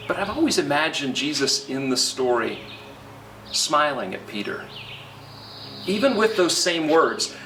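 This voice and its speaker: A middle-aged man preaching a conversational sermon, pausing now and then with fillers, recorded outdoors. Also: a little high, bright, forceful tone. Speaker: pastor. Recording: roomy, from a distance, faint outdoor noise.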